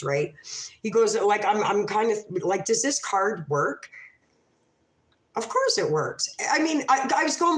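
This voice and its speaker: A woman telling a rambling, emotional story on a casual livestream, often cutting herself off, restarting and swearing freely. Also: fairly high pitch. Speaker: livestream host. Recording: echoey room.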